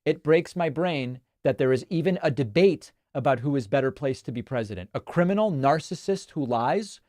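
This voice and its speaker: A man's voice: on the high side, normal speed, no echo, clean studio sound. A male host from Argentina, chatting wryly on a livestream and reading out viewer messages. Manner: wry, chatty, animated asides.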